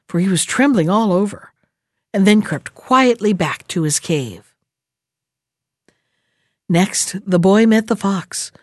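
A librarian reading a folktale aloud in a lively, expressive storytelling style. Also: female voice, mid-range voice, no echo, clean studio sound. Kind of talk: storybook read-aloud narration.

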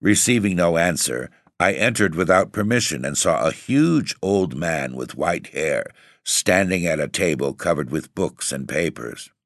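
A man narrating a first-person story in a measured, clear storytelling manner. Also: low voice, expressive, no room sound, studio quality. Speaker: audiobook narrator.

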